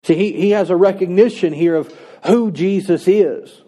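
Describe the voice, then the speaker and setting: Mellow-voiced man preaching a sermon. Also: sits high. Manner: earnest preaching, slows for emphasis. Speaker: pastor.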